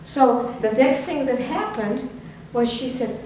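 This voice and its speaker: Woman, workshop leader, lively storytelling, acts out quotes, heavy echo, faint background noise. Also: high-pitched, takes it slowly. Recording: very echoey room, distant mic, faint noise.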